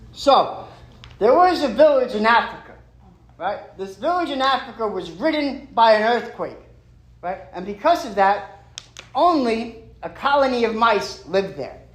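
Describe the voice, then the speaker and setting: A man's voice: very high-pitched, very animated, a little slow, fairly bright tone, echoey room, low-quality recording. A man sharing at a recovery meeting from a stage. He is emphatic and streetwise, and he keeps dropping "man" and "right".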